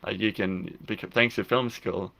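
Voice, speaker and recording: A man's voice: lowish voice, steady tone, moderate pace, gravelly, bright, forceful tone. A young adult man, a filmmaker and podcast guest, chatting casually and rambling with frequent restarts. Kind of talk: casual interview chat.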